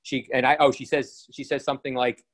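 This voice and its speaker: A man's voice: mid-range voice, flat delivery, brisk. A man casually retelling an old cartoon in a rambling, hesitant way, with many fillers and restarts.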